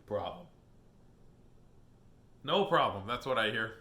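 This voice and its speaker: A man's voice: medium pitch, lively intonation, takes it slowly, bright, forceful tone. A man hosting a live children's book reading stream, chatting in a silly, playful, joking way. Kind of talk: casual live-stream chat. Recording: echoey room.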